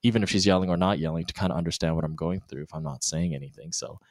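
A man's voice: low voice, racing, gravelly, no echo. A married man talking candidly about conflict in his marriage, acting out the voices he quotes. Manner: animated, acts out quoted voices. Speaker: married guest. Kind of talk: candid conversational talk.

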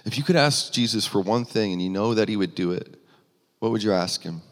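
A pastor preaches a sermon earnestly, his voice rising for emphasis and often restarting sentences. He speaks on the low side at a brisk pace, and a long hall reverb surrounds him.

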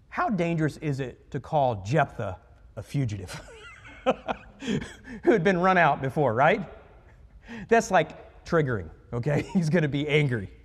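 Animated preacher in a reverberant hall. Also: male voice, a little high. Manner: animated preaching, acts out voices in dialogue. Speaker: pastor. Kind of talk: sermon.

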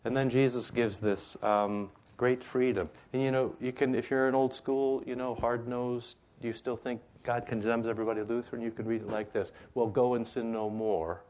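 A man's voice: mid-range voice, little pitch movement, normal speed, few pauses, a little mellow. A man teaching a Bible study in a conversational way, with frequent rhetorical asides.

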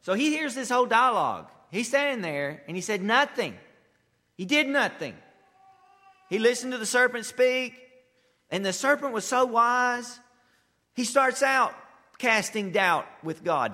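A male pastor preaching a sermon, emphatic and animated, swinging from loud rising bursts to quiet asides. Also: very high voice, a little slow. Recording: long hall reverb.

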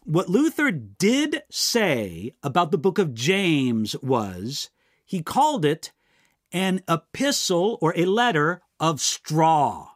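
A man's voice: a little high, big pitch swings, takes it slowly, no echo, clean studio sound. A man teaching the Bible in a live Q&A, answering viewer questions by name in an earnest, explanatory way.

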